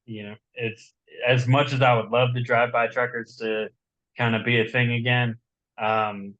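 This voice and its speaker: Man, slight Southern accent, mid pitch, rambling and enthusiastic, dull lo-fi sound. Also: level tone, normal speed, a bit bright. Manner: rambling, repeats words, enthusiastic. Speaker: guest author. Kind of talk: casual chat.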